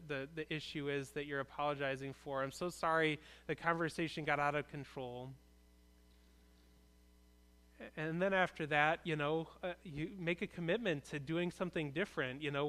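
A male pastor gives a relaxed, conversational sermon in a church, earnest and plain-spoken. His voice is smooth and resonant and sits a little high, and he often circles back over his own words before going on. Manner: conversational, earnest preaching with frequent restarts.

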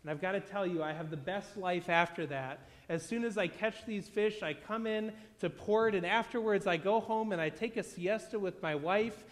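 A man's voice: high-pitched, moderate pace, hardly any pauses, lightly acted. A man voicing a humble, contented fisherman who talks in an easygoing, plainspoken way. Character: contented humble male village fisherman, unhurried. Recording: long hall reverb.

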